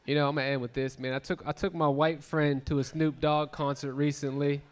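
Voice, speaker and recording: A man in his thirties doing profane, animated stand-up comedy on a club stage, bantering with the crowd. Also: on the high side, fairly quick. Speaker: stand-up comic.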